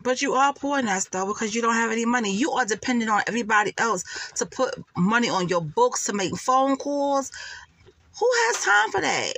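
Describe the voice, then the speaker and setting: A woman's voice: on the high side, fairly quick, hardly any pauses, a bit bright, dry recording. A woman, giving sassy, laughing gossip commentary and calling her listeners honey and child. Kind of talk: casual commentary vlog.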